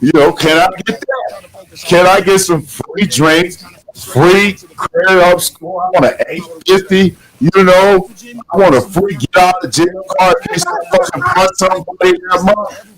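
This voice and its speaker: Loud, profane stand-up comic man. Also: high-pitched, expressive, measured pace, rough recording. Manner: loud, profane storytelling, laughing at his own jokes. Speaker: stand-up comedian. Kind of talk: live stand-up comedy.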